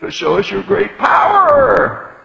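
Guy putting on a sneering mob, yelling way up high and taunting, big echoey hall. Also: very animated, slow, creaky, lo-fi sound, exaggerated voice. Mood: jeering. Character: jeering male crowd mocking a dying man. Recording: echoey hall with long reverb.

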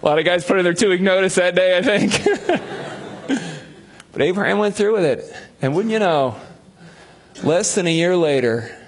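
A man's voice: sits high, a little fast. A male pastor preaching a sermon, telling a Bible story with humor and acting out the voices of its figures.

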